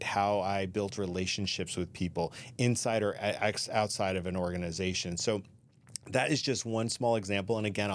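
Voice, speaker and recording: A middle-aged man hosting a career advice talk, speaking conversationally with asides and restarts. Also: lowish voice. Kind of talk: solo advice talk to camera.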